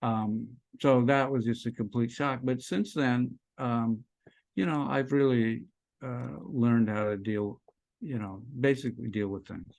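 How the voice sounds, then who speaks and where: A man being interviewed on a podcast, reflecting in a halting way, full of fillers and restarts. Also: medium pitch, gravelly, darkish tone, no room sound. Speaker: interview guest. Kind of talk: casual interview chat.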